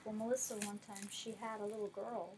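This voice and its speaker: A woman unboxing gifts in a casual vlog, gushing over each one and dropping to a softer tone when she explains. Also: medium pitch, little pitch movement, a little fast, background noise. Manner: gushing, effusive. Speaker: vlogger.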